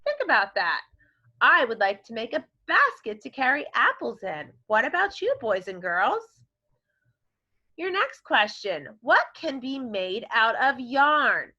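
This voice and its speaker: A woman's voice: on the high side, very animated, unhurried, pushed and bright, muffled recording. A woman teaching a recorded vocabulary lesson to children, encouraging them and modeling words in playful voices. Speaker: elementary school teacher.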